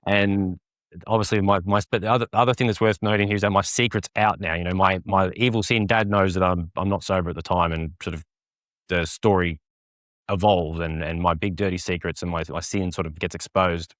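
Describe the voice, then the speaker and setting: Low-voiced man telling a testimony. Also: steady tone, a little fast, fairly bright tone, no room sound, studio quality. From Australia. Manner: rambling, many fillers and restarts. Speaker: podcast guest. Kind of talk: personal testimony in casual conversation.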